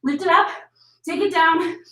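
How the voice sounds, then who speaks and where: A high-voiced woman fitness instructor who leads a class, telling a folktale between upbeat counts. She sounds roomy and sits some distance from the microphone. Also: a little slow, a bit bright. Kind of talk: workout class told as a story.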